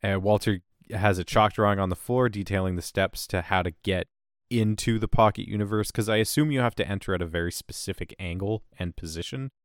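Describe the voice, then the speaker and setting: A man's voice: lowish voice, brisk, no room sound, clean studio sound. A man co-hosting a podcast, chatting casually and jokingly about an episode. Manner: chatty, joking, acts out quotes. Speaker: podcast co-host. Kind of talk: casual episode recap chat.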